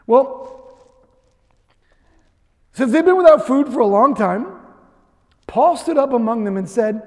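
A man preaching a sermon, telling a personal story in a lively way with frequent "right?" asides. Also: very high voice, unhurried, long pauses. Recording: echoey hall reverb.

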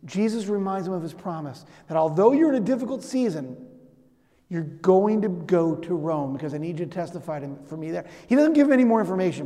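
A middle-aged pastor with a high voice preaches in a casual, storytelling way and keeps turning to ask the listeners questions. His voice rings with the long reverb of a big hall. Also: darkish tone. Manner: conversational, storytelling, asks listeners direct questions. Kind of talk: sermon.

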